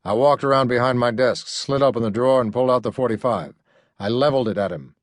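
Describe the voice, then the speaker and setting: A man narrates a gritty first-person detective audiobook in a gruff, sardonic tone. His voice sits in a middle register and sounds close and dry, with no room around it. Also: mid-range voice, quick pace, no echo.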